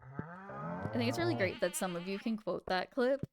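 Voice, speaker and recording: A woman's voice: medium pitch, lively intonation, normal speed, creaky, noisy background. A woman streaming a farming game live, chatting playfully, giggling and talking to herself as she plays. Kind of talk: casual live gameplay chat. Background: game music.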